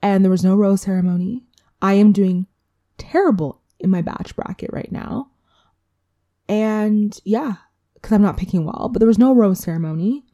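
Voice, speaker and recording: A woman's voice: medium pitch, normal speed, dark tone. A woman hosting a casual solo podcast recap, chatty and candid, with swearing and asides to herself. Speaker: podcast host.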